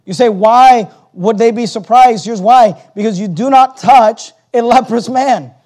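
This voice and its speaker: A male pastor preaching a sermon. He reads old scripture aloud with weight, drags out key words, and rushes through his asides. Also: very high voice, darkish tone. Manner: preaching, reading King James scripture aloud with emphasis.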